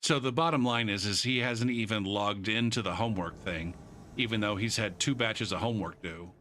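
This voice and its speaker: A man's voice: fairly low pitch, fairly quick, bright, forceful tone, a little hiss or hum. A college instructor, a man, ranting casually and profanely with rambling asides. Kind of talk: casual rant to camera.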